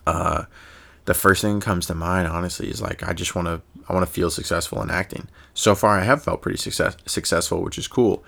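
A man's voice: sits low, vocal fry, a bit bright. A young man hosting a casual solo podcast, thinking aloud in a rambling way with fillers and restarts. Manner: chuckles often and slips into quick impressions. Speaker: podcast host.

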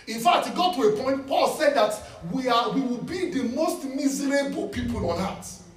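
A man with an extremely high voice preaches a sermon in a church hall at a moderate pace. He's animated, repeating key lines for emphasis and laughing as he speaks. The recording comes from a distant mic and has the church's echo.

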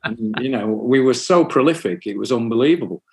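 A man's voice: medium pitch, animated, a little fast. A man, a musician guest rambling through anecdotes and swearing freely. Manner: rambling anecdotes, frequent swearing, acts out other people's voices. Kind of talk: casual storytelling interview.

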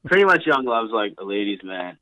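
Bright-toned young man chatting loosely. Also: on the low side, very animated, fairly quick, dry recording, rough recording. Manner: loose, rambling, heavy on fillers. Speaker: podcast guest, wrestler. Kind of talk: casual podcast chat.

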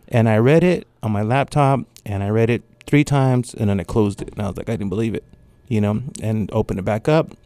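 A middle-aged man from Mexico, an artist telling animated stories in an interview and acting out what others said. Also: on the low side, a little fast, no echo. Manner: animated storyteller acting out quotes. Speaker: artist and guest. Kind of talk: storytelling interview.

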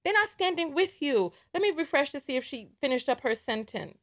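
A woman's voice: high voice, very animated, brisk. A woman hosting a livestream, giving emphatic commentary with repeated rhetorical asides. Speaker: livestream host.

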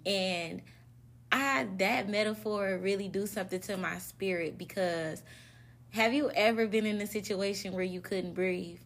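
A woman's voice: mid-range voice, measured pace. Young woman co-host, earnest and reflective, casual podcast talk.

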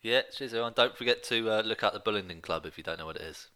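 A man co-hosting a podcast in casual chat, playful and quick to laugh. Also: fairly low pitch, pushed and bright. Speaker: podcast co-host.

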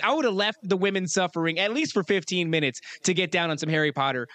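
A young man co-hosting a podcast, telling crude, animated stories with bursts of laughter. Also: high-pitched, fast talker, few pauses. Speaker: podcast co-host. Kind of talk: casual podcast chat.

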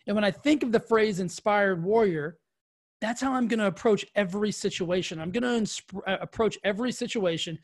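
A man giving an energetic, emphatic motivational talk to camera as a coach, often repeating his words for emphasis. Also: high-pitched. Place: indoors, filmed for video.

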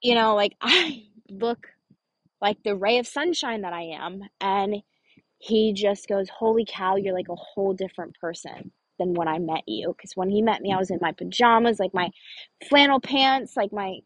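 A woman recounts a personal story in an earnest, chatty manner, her words loose and full of "like". Her voice is husky and a little breathy. The sound is dry and close, with no room around it. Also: mid-range voice, normal speed, dry recording, poor audio. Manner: earnest, conversational, frequent "like" fillers.

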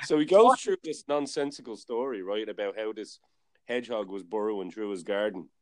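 Low-voiced man rambling on. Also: expressive, moderate pace, darkish tone. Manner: rambling storyteller, many fillers and restarts. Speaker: podcast host. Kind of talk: casual chat.

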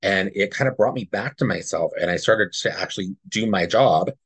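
A man's voice: sits low, fairly quick, fairly bright tone, breathy edge, no echo. A man co-hosting a podcast, earnestly telling a personal story in a rambling, casual way and often checking in with "right?". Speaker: podcast co-host.

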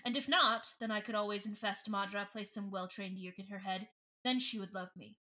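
A woman's voice: mid-range voice, steady tone, a little fast, pushed and bright, voice pushed down, natural voice. A woman voicing a scheming, ambitious female alien commander who speaks in a coolly sinister way.

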